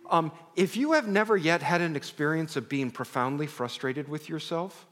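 A middle-aged man preaches to a congregation in a warm, conversational way, mixing personal stories with self-deprecating asides. His pitch rises and falls expressively as he talks. His voice rings out with the long reverb of a large hall. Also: lively intonation, normal speed. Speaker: pastor. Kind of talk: sermon.

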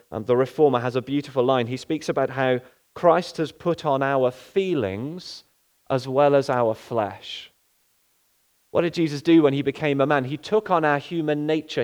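A man's voice: medium pitch, a little mellow. A male pastor giving an earnest sermon, often asking rhetorical questions.

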